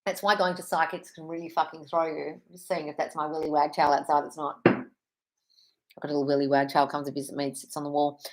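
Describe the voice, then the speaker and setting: A woman's voice: sits low, level tone, fast talker, background noise. Chatty, reassuring woman coach. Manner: chatty and reassuring, calls viewers darling, swears casually. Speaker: manifestation coach hosting a live Q&A. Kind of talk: casual live-stream chat, answering viewer comments. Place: at home.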